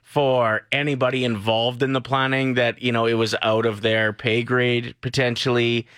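Canadian male radio co-host, 30s, bright and dry, chatty and joking. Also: medium pitch, little pitch movement, moderate pace, clean tone, dry recording. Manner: chatty, jokey, reflective. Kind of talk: casual radio chat.

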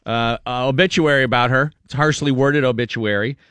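A man's voice: mid-range voice, fairly quick, fairly bright tone, clean tone, dry recording, studio quality. A man hosting a morning radio show, chatting casually and reading a news item aloud with playful quoted voices.

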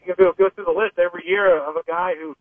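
A man's voice: high voice, steady tone, fast talker, no room sound. A man from Pittsburgh, a sports reporter calling into a radio show, talking in rambling, hesitant sentences full of restarts. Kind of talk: phone-in sports radio analysis. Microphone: phone. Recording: narrow phone line.

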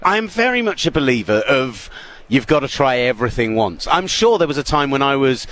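A British man in his thirties, chatting casually as an interview guest with lively storytelling. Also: mid-range voice, brisk. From United Kingdom. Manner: chatty, animated storytelling with laughs. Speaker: radio broadcaster guest.

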